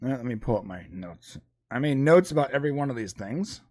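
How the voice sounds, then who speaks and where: A man's voice: medium pitch, expressive, a little fast, darkish tone. A man hosting a podcast with a speech impediment, rambling through a list with amused asides in a casual chat. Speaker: podcast host.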